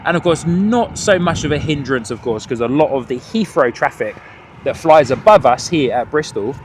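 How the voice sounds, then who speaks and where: A man hosting a live plane-spotting stream outdoors at an airport, chatting with viewers in a rambling way, with many fillers and restarts, and excited by good landings. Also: medium pitch, normal speed. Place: outdoors at an airport viewing spot. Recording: outdoor traffic noise. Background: outdoor traffic and ambience.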